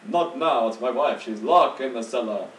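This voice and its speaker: A man's voice: medium pitch, moderate pace, a bit bright, natural voice. Man doing a grim grieving villager. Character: desperate grieving village man, wife bitten. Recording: echoey room, mic at a distance, faint noise.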